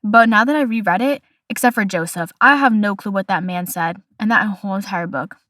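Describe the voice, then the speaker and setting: A woman's voice: mid-range voice, a little fast, fairly bright tone, no room sound. Young woman podcast host: casual, chatty, playful and opinionated, dry close sound.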